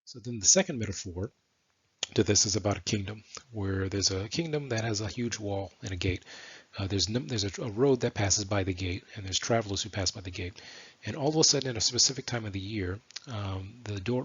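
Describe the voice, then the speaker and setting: Male religious teacher, quick loose parable-telling, lowish very breathy voice, dull lo-fi recording. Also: fairly bright tone. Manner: loose, rambling explanation. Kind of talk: informal spoken teaching with parables.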